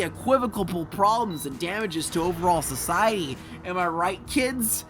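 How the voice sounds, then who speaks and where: A man's voice: high-pitched, animated, moderate pace. A man in his twenties doing rambling, profane let's play commentary over a game. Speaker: gameplay commentator. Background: game music.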